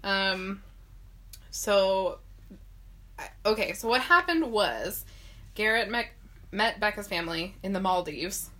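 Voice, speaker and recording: Chatty woman co-host, bright tone, easy laugher, slightly sniffly. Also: mid-range voice. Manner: laughs easily, chatty, recaps at length. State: sniffly after sneezing. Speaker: podcast co-host. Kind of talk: casual chat.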